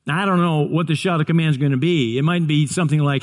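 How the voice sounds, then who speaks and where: A man's voice: on the high side, quick pace. A man preaching a sermon, earnest, often repeating and restarting words. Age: 60s. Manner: earnest, stumbling restarts, builds to excited shouts. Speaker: pastor.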